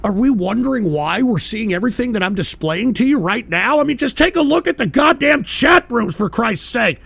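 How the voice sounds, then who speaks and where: A man hosting his own livestream radio show, ranting angrily with lots of swearing and sudden shouted bursts while answering chat. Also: high-pitched, lively intonation, fairly quick, vocal fry, breathy edge, no echo. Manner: profane, combative, shouting bursts. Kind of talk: angry ranting commentary, reading chat.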